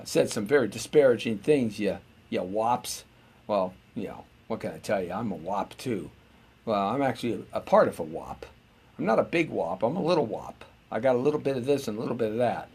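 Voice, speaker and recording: Husky-voiced man rambling on a live show. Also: medium pitch, darkish tone. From United States. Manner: meandering, chatty, frequent filler words and self-interruptions. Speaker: host. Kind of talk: rambling live-stream monologue.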